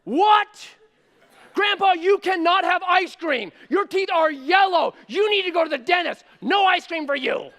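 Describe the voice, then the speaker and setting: A man voicing a bold, loud little girl of about six, who teases and shouts. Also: very high voice, lively intonation, a little slow, voice pushed up, exaggerated voice. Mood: scolding shout. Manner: shouting, teasing, sing-song.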